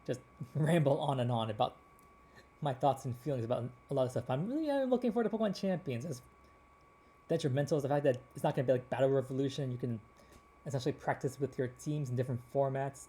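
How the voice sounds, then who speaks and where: Dark-voiced man rambling about games. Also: mid-range voice, fast talker. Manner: rambling, with frequent restarts and fillers. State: slightly hoarse. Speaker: gaming channel host. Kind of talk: casual gameplay rambling.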